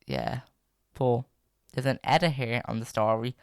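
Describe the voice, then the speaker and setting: Rambling young man, smooth voice. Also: mid-range voice, sing-song, unhurried. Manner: rambling, many fillers and restarts. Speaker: podcast host reading stories. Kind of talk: casual chat and reading posts aloud.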